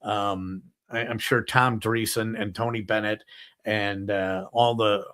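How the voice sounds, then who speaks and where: A man's voice: fairly low pitch, fairly even intonation, slow pace, fairly bright tone. A man hosting a live talk show, telling a long story in a rambling, anecdotal way with many fillers and asides.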